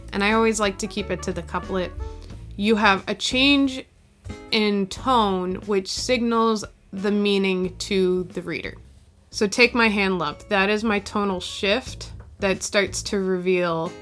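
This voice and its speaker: A woman's voice: medium pitch, a bit bright. Chatty self-mocking woman poet. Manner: chatty, self-deprecating, laughs at herself. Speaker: poet explaining her editing. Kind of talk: casual breakdown of her own drafts.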